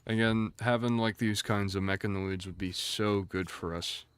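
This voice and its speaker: A man's voice: fairly low pitch, steady tone, moderate pace, a bit bright, smooth, no room sound. A man streaming a game, chatting casually and answering his viewers in a rambling, easygoing way. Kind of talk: casual livestream chat.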